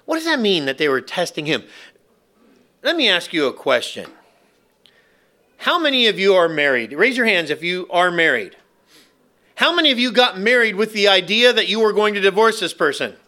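A pastor with a high, bright voice delivers a sermon in a church. He leans on slow, weighty phrasing and drops in playful asides to the congregation. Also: sing-song.

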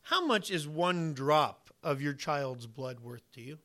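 A man preaching with a bright, forceful voice pitched a little above the usual. He drops to near-whispers for asides, then hammers his points out loud and slow, and acts out imagined exchanges with the congregation. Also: animated. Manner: emphatic, swings from quiet asides to loud punchy points; uses vivid hypotheticals and plays out imagined dialogue. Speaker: pastor. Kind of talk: sermon.

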